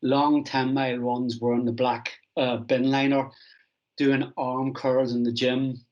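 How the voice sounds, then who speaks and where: A middle-aged Irish man, a strength and conditioning coach appearing as a guest, tells animated anecdotes in a conversational storytelling interview. His voice is mid-pitched and his pace measured, with frequent restarts and lots of "I goes." The recording is dull, muffled and lo-fi.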